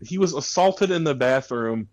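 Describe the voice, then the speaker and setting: A man's voice: medium pitch, lively intonation, normal speed, a little mellow, rough recording. A man co-hosting a casual podcast, ranting heatedly with lots of swearing and restarts. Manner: heated, profane, rambling with restarts. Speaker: podcast co-host.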